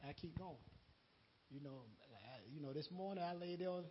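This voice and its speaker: A high-pitched man preaches off the cuff, his voice husky and breathy. He talks in a folksy way, laughing and acting out what others said. The recording is dull and lo-fi. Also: expressive, a little fast. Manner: folksy, laughing, repeats words, quotes conversations. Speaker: lay preacher. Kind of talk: unscripted sermon.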